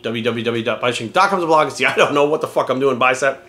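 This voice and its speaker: A man's voice: medium pitch, racing, pushed and bright, slight background noise. A man talking as a fitness coach in a casual vlog rant, blunt and heavy on swearing and rhetorical questions.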